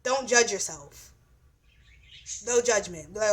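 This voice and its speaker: A woman's voice: medium pitch, unhurried, pauses often, slight background noise. A young woman giving a casual astrology reading, blunt and profane, often repeating "you know what I'm saying.". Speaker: astrology reader.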